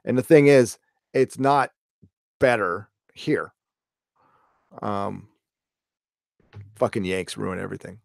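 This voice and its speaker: A man's voice: lowish voice, takes it slowly, creaky, long pauses, dry recording, clean studio sound. A middle-aged man hosting a casual live show, talking in a rambling, blunt way and swearing freely. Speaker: host.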